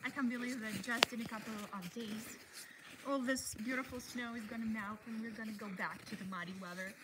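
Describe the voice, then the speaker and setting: A woman's voice: a little high, fairly even intonation, brisk. Woman, slightly sick voice, live stream chat, talking to dogs in snow, noisy outdoor recording. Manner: coos and calls to her dogs between rambling asides. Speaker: vlogger hosting a live Q&A. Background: dogs playing in snow.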